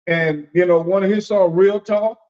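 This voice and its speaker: A man preaching conversationally as an apostle, folksy and animated, often repeating phrases and acting out the voices he quotes. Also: high-pitched, normal speed, dull audio. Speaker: apostle and preacher leading a discussion.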